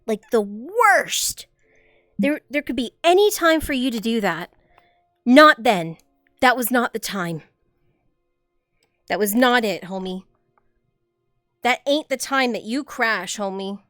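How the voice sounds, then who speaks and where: A woman's voice: on the high side, animated, a little slow, pauses often, fairly bright tone, no room sound, studio quality, soft background music. Exasperated, swearing woman streamer. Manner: exasperated, swearing, talks to chat. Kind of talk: casual live-stream chat.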